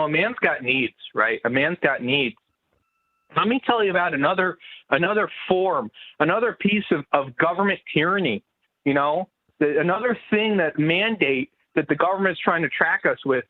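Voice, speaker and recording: A man calling into a talk show, rambling and stumbling over his words with constant "you know"s. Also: a little high. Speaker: phone-in caller. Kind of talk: call-in talk show chat. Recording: tinny phone line.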